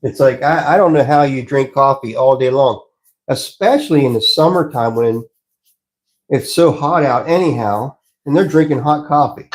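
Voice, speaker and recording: A man's voice: mid-range voice, moderate pace. A man hosting a live stream from his pottery workshop, chatting casually and rambling as he works, with frequent chuckles. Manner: easygoing, rambling, chuckles often. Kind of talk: casual live-stream chat while working.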